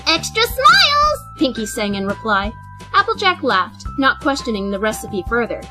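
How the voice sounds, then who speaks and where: A woman reading a story aloud with an animated, expressive delivery. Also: on the high side, normal speed, over loud music, poor audio. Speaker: fanfiction reader. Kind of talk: storybook narration.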